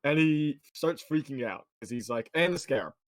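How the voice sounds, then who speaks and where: A man's voice: medium pitch, lively intonation, normal speed, a little hiss or hum. A man co-hosting a podcast, retelling a TV episode in loose, rambling casual chat. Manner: loose and rambling, retelling scenes with quoted voices. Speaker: podcast co-host.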